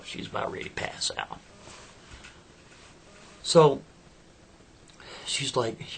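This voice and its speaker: A man's voice: medium pitch, unhurried, vocal fry, long pauses, slight background noise. A man casually retelling a story, loose and conversational.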